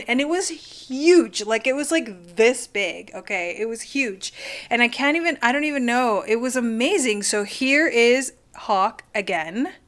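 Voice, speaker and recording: A woman's voice: on the high side, a bit bright. A woman hosting a live-streamed card reading, gushing and chatty and full of "like".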